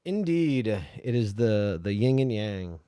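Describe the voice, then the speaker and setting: A man's voice: big pitch swings, takes it slowly, warm tone, smooth, no echo, clean studio sound. A man hosting a podcast, chatting casually and easygoing, laughing often. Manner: laughing, easygoing, bouncy pitch. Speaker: host.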